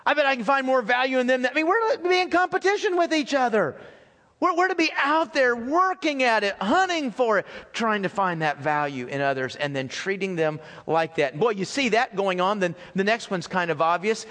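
A man's voice: high voice, lively intonation, moderate pace, fairly bright tone, big-room sound. A man preaching a sermon as pastor, talking conversationally, asking the congregation questions and repeating his phrases. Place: church sanctuary.

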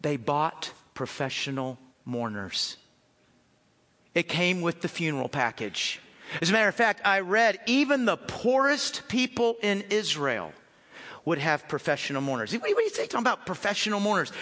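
American male pastor, high bright voice, lively conversational sermon in a reverberant church hall. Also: normal speed. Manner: animated, conversational, addresses congregation as folks.

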